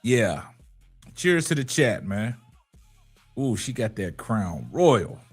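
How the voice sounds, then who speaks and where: A man's voice: on the low side, sing-song, takes it slowly, husky, soft background music. A man in his forties hosting a casual late-night live show, laid-back and chatty, tagging "man" onto his lines.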